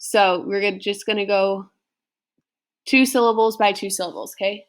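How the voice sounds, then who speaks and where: A woman's voice: mid-range voice, fairly even intonation, normal speed. A young woman teacher giving a recorded class lesson, patiently explaining and checking in with "okay?" after each point.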